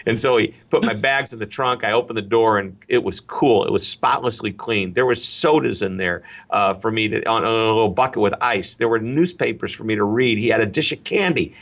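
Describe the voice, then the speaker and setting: Low-voiced middle-aged man telling business stories. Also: a little fast, hardly any pauses, lo-fi sound. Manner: energetic, anecdotal, repeats key phrases. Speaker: guest speaker on customer service. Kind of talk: interview storytelling.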